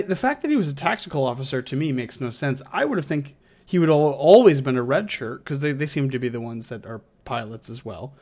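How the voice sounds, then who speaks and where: A man's voice: medium pitch, darkish tone. A man co-hosting a casual podcast chat, opinionated and building his argument step by step. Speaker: podcast co-host.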